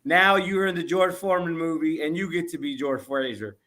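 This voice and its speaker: A man's voice: on the high side, brisk, bright, forceful tone. A man co-hosting a podcast who asks questions enthusiastically in casual chat and laughs along. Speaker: podcast co-host.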